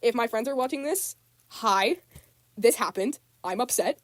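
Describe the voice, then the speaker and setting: Upset teen girl ranting to the camera, high voice that jumps all over, dry close sound, keeps repeating herself. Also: lively intonation, moderate pace, dry recording. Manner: rambling, repeats herself, frequent ums. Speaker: student vlogger. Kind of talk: casual rant to camera.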